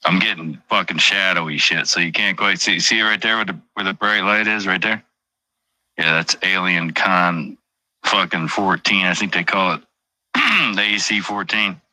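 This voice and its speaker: Low, sharp-edged profane man rambling. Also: normal speed, rough recording. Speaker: truck driver streamer. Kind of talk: casual livestream chat.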